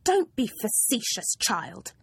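A woman's voice: medium pitch, big pitch swings, takes it slowly, creaky, breathy edge, no echo, exaggerated voice. A woman voicing a stern, smug female maths teacher who speaks in a cold, accusing, clipped way.

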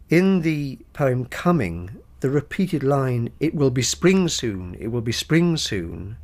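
A male university academic explains patiently in an interview, in a mid-pitched voice and a lecturing tone. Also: darkish tone. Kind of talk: interview commentary.

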